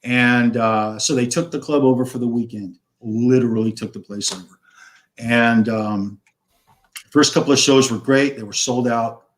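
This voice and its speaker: Steady in tone, mid-range, and at a normal speed, this man in his fifties drifts through an extended rock-and-roll anecdote as a live-stream guest. He swears without restraint and plays out the dialogue.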